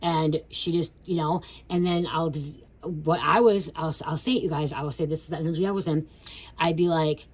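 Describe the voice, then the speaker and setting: Speaking at a normal pace in a low, steady, slightly rough voice, a woman in her thirties gives a casual tarot reading. She's blunt, swears freely, and repeatedly asks "okay?" to check in.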